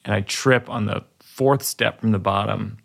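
A man's voice: on the low side, moderate pace, vocal fry. A man in his forties, a stand-up comedian, telling a rambling, self-deprecating story in casual chat while working through jokes. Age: 40s.

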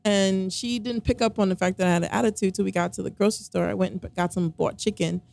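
Fast and steady, a woman's mid-range voice comes across gravelly yet a little mellow in a dry recording. She's telling a relationship story in casual conversation, rambling with plenty of fillers and quoted remarks from others.

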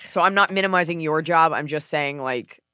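A woman co-hosting a casual advice chat, cracking sarcastic, deadpan jokes. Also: low voice, fairly quick, smooth, dry recording, studio quality. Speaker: podcast co-host.

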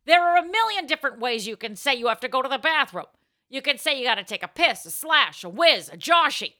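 A woman's voice: sits high, big pitch swings, a little fast, bright, forceful tone. A woman co-hosting a comedy advice podcast, brash and crude in her answers. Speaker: co-host answering advice letters.

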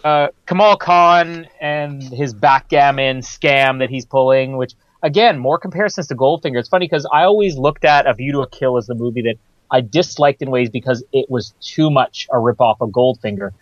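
A man's voice: mid-range voice, fairly quick. A man talking through a film on a casual podcast, rambling along with fillers and small laughs. His audio is dull and lo-fi, with a dry sound and no room echo. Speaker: podcast host.

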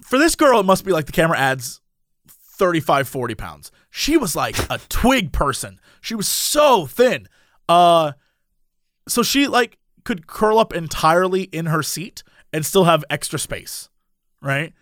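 A young man with a high, light voice tells a story in casual chat. He is animated and breaks into laughter often. The sound is close and dry, with no room around it. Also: measured pace, dry recording. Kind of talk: casual anecdote.

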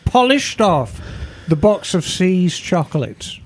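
A woman co-hosts a podcast in easy, joking chat. Her delivery is slow and unhurried, and her pitch rises and falls a lot. She is recorded in a garage studio. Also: very animated, husky. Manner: playful, joking, laughs often. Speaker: podcast co-host. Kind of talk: casual chat.

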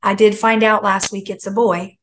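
A middle-aged woman tells a personal story in a casual, lively way, slipping into the voices of the people she quotes. Her voice sits at an ordinary pitch for a woman. A faint hiss runs under the recording. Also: normal speed, low-quality recording. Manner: animated, acts out quoted voices. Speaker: guest.

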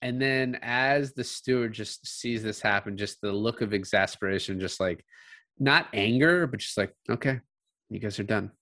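Man, lowish voice, casual film chat, laughs a lot, dry close mic. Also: moderate pace, no echo. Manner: relaxed, laughs often, quotes film lines in passing. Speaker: podcast co-host.

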